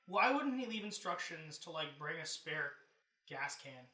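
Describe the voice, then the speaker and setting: A man's voice: on the high side, a little slow, roomy sound, far from the mic. A man guesting on a podcast, chatting casually and animatedly about films and picking at plot holes. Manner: nitpicking, animated, swears casually.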